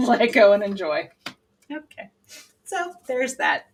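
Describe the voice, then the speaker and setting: A woman giving a casual, lively tarot reading to her viewers, laughing often and breaking into loud exclamations. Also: a little high, takes it slowly, slight background noise. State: sweating from channeling. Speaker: tarot reader.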